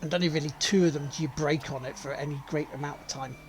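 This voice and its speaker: A man's voice: fairly high pitch, steady tone, quick pace, noisy background. A man, chatting casually and joking as co-host of a racing game livestream. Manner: joking, swears freely, laughs often. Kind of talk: casual chat over a racing game stream.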